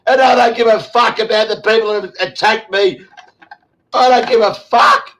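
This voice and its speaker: A high-voiced Australian man in his sixties talks in an impassioned online chat. He is emotional, swears hard and rambles, restarting his sentences as he goes. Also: fairly even intonation, a little slow, a bit bright, low-quality recording. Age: 60s. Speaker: show host.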